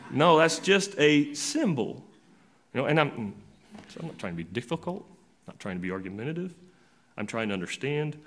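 A man preaching a sermon in a conversational way, repeating words and restarting often, getting loud on some points and dropping quiet on others. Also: medium pitch. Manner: conversational preaching, swinging between loud emphatic and quiet asides. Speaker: pastor.

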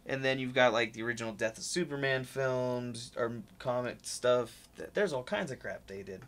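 A man co-hosting a comics podcast in casual chat, animated and swearing often, sometimes acting out lines loudly. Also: medium pitch, moderate pace. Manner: animated, swears a lot, acts out quotes loudly. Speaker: podcast host.

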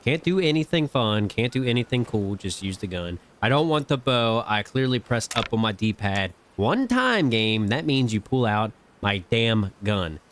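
A man giving excitable hunting-game commentary, swearing and talking straight to his viewers. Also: on the low side, unhurried, hardly any pauses, slight background noise. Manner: animated, swears often, talks to viewers. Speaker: gaming channel host.

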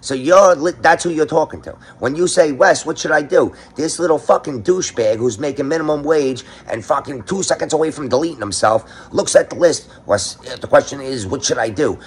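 A man with a New York accent delivers a sarcastic, foul-mouthed comedic rant. His voice is husky and a bit rough, and every line is packed with casual profanity. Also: fairly high pitch, a little fast, few pauses. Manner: sarcastic, crude, swears constantly. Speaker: commentary host.

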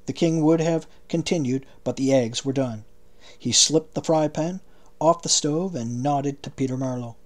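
A man with a mid-range voice reads an audiobook, narrating in a steady, measured way.

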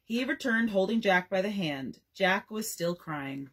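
A woman's voice: medium pitch, unhurried, few pauses, husky. A young woman librarian reading a bedtime story aloud, giving the dialogue its own voices. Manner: expressive, reads dialogue in varied voices.

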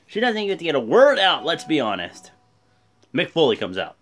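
A man hosting a casual vlog, recapping events in a rambling, animated way. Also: on the high side, fairly quick. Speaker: host.

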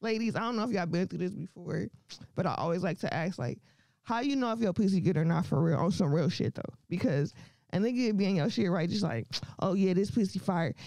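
A woman's voice: fairly low pitch, animated, fairly quick, gravelly, a little mellow, no echo. A woman doing a crude, brash stand-up comedy set, laughing often between her lines.

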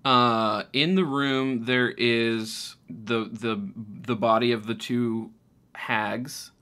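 A man's voice: medium pitch, fairly even intonation, slow, sharp tone, clean tone. A man running a tabletop game as game master, describing scenes hesitantly with many fillers and restarts.

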